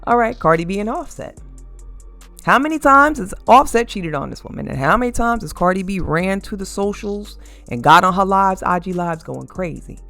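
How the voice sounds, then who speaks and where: A host giving casual opinion commentary on celebrity couples, animated and sassy, mocking fans by quoting them. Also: medium pitch, normal speed, vocal fry, no echo, soft background music.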